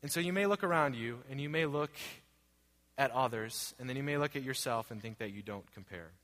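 A man's voice: mid-range voice, a little fast, fairly bright tone. A man in his thirties preaching a sermon as pastor, earnest and repetitive, asking rhetorical questions. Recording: long hall reverb.

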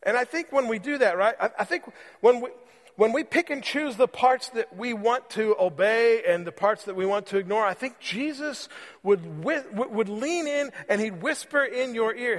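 A man preaching a sermon as pastor, conversational and repeating phrases for emphasis, slowing on key words. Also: very high-pitched, animated, in a large hall. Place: church sanctuary.

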